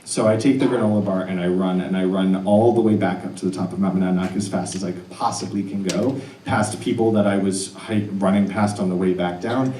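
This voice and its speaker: A man telling a true personal story live on stage, earnest and animated with laughing asides. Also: deep voice, fairly quick, hardly any pauses. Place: stage in an arts center hall. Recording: roomy hall audio picked up from a distance.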